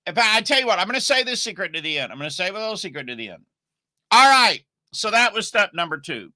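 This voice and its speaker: A man's voice: sits high, big pitch swings, fast, sharp tone, no echo. A middle-aged man teaching online marketing on a casual live stream, rambling and emphatic, with asides to his viewers.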